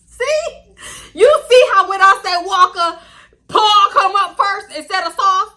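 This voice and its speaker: A young woman telling a casual storytime, chatty and animated, acting out quoted dialogue with laughs. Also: very high voice, measured pace. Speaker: storytime YouTuber.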